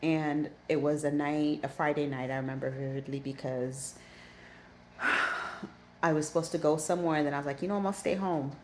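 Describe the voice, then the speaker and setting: A woman with a low, deep voice tells a casual personal story as a vlogger. She gets animated and repeats phrases while reliving the panic. A faint hiss sits under her voice. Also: moderate pace. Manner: animated, repeats herself when recounting panic. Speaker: aquarium hobbyist vlogger.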